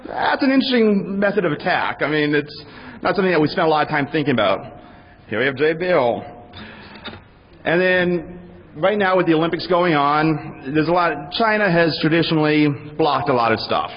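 A man's voice: on the high side, animated, normal speed, husky. Joking man moderating a panel, hall echo. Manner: loose, joking, improvised. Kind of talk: casual conference panel talk. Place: conference hall with audience. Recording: dull recording in a reverberant hall.

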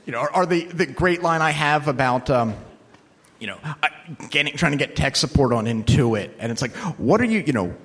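Speaking at a conference that includes audience Q&A, a male lawyer offers a casual, story-driven talk about computer crime law, swearing freely, using lots of fillers, and performing quoted voices. His voice is a bit bright and a little high, at normal speed.

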